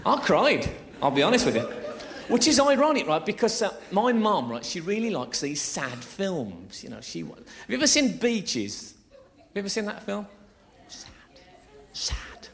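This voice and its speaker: Man doing lively crude stand-up. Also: sits high, moderate pace, vocal fry. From England. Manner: chatty, crude, teasing the audience, laughing at his own jokes. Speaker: stand-up comedian. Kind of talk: live stand-up routine. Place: theatre stage.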